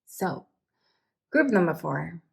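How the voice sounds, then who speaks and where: Woman, tarot reader, slow unhurried delivery, mellow tone, emotional, sighing, restarts. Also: fairly low pitch, big pitch swings, gravelly. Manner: speaks directly to viewers, calling them you guys. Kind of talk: emotional pick-a-card tarot reading.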